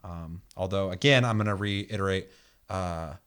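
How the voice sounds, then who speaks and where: Animated ranting man, lowish voice. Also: moderate pace, smooth. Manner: animated, ranting, swears freely, acts out quotes. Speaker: podcast co-host. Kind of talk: casual chat about video games.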